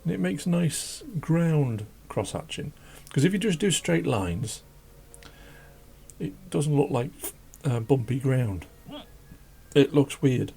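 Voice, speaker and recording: A man hosting a drawing channel, chatting casually and rambling as he draws, self-deprecating and laughing often, with a croaky voice. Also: medium pitch, lively intonation, slow pace, a little mellow. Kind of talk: casual chat while drawing. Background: faint classical music.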